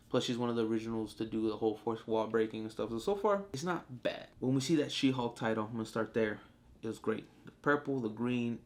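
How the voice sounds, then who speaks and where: A man reviewing a TV show in casual, profane talk, acting out the characters as he goes. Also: mid-range voice. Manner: animated, profane, acts out characters.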